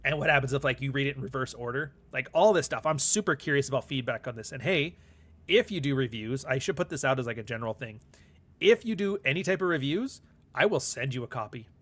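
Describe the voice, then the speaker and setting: A man's voice: mid-range voice, expressive, quick pace, a bit bright. Rambling, candid man talking casually. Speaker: podcast host and author. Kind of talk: casual vlog monologue.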